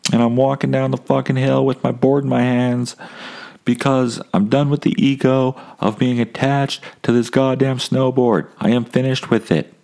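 A man's voice: mid-range voice, creaky, warm tone. A man telling a rambling, profane, self-mocking story in a casual monologue as a comedian hosting his own podcast.

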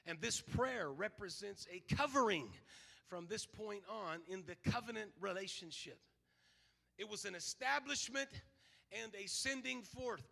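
A man preaching a sermon as pastor, building to shouted, repeated declarations. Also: sits high, gravelly, in a large hall. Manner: preaching, swelling to shouted emphasis and repetition.

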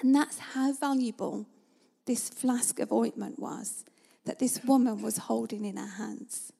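High-voiced woman preaching. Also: unhurried, creaky, husky. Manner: conversational, vivid storytelling, sometimes drops to a hush. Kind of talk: sermon.

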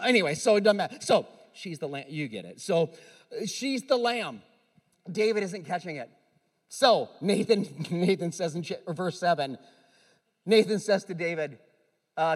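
A man preaching a sermon as a pastor. He retells a story conversationally, with direct asides to the audience, and swings between hushed and loud emphatic delivery. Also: high-pitched, animated, moderate pace, long reverb tail.

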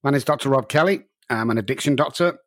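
A man's voice: medium pitch, quick pace. Earnest man with Manchester accent. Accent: Manchester English. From Manchester, England. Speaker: addiction doctor, guest. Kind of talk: interview answers.

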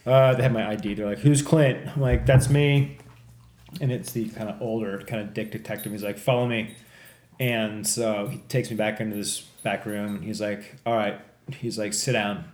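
Man, casual storyteller, profane, animated, acts out characters, roomy echoey sound. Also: fairly low pitch, brisk, slight background noise. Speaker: podcast co-host. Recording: echoey room.

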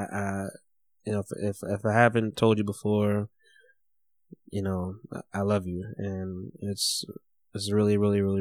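A man hosting a casual podcast, who talks haltingly and in a soft, subdued way. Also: fairly low pitch, no room sound, clean studio sound. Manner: halting, soft-spoken and subdued during the tribute. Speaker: podcast host.

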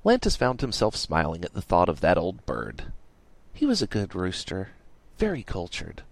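A man reading an audiobook aloud in a playful, expressive way. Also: low voice, normal speed, creaky, no echo. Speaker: audiobook reader. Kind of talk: audiobook narration.

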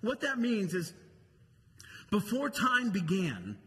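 Slow, high-voiced male pastor preaching. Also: wildly swooping pitch, fairly bright tone, big-room sound. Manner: conversational preaching, repeats key phrases for emphasis. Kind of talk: sermon.

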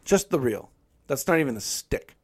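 A man's voice: medium pitch, very animated, normal speed, breathy edge. A young man co-hosting a podcast, telling loose, profane stories in casual chat. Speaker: podcast co-host.

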